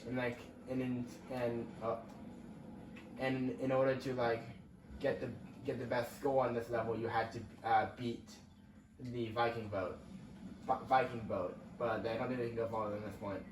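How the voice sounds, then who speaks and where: A young gaming channel host rambles and chats while playing a racing game, reacting to the action live in casual let's-play commentary. His medium-pitched voice is flat and moderately paced, picked up by a roomy, distant mic with faint ambience and a noisy background.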